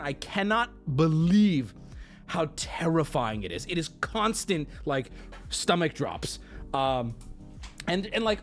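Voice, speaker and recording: A man's voice: fairly high pitch, moderate pace, soft background music. A young man hosting a livestream, rambling through stories in a casual, profane way. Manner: rambling, profane, animated storytelling. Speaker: streamer host.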